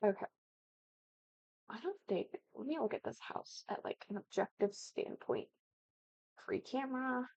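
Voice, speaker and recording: Young midwest gal chatting over her game build, kinda high voice, dry close sound. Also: a little slow, pauses often, no room sound, lo-fi sound. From American Midwest. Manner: chatty and animated, with excited exclamations. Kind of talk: casual gaming commentary.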